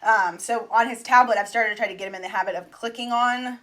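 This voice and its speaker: A woman's voice: fairly high pitch, quick pace, a bit bright. A young woman co-hosting a casual podcast, chatting easily with frequent ums. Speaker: podcast co-host. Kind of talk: casual chat.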